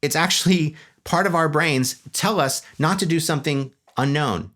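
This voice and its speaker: A man giving a humorous, animated conference talk on a stage before an audience. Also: fairly high pitch, moderate pace. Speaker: speaker.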